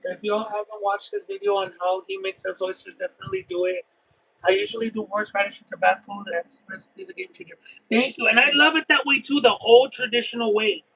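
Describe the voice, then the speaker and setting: His voice sits high with vocal fry and a breathy edge, and he moves fairly quickly. As a livestream host eating and reading chat, he chats casually and rambles through expressive, richly detailed stories; the recording is rough.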